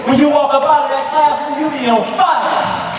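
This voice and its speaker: High-voiced man preaching to a hall of students. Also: fairly even intonation, normal speed. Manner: preachy call-and-response, often shouting, keeps asking "you hear me?". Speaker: motivational speaker to students. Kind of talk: fiery motivational speech. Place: large school hall with a crowd of students. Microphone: camera far from the speaker. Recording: echoey hall from far off, crowd noise.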